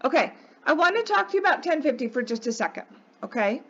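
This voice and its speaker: A woman's voice: high voice, big pitch swings, fast, fairly bright tone, highs cut off. A woman math teacher lecturing her class, emphatic and coaxing, often checking in with "okay?".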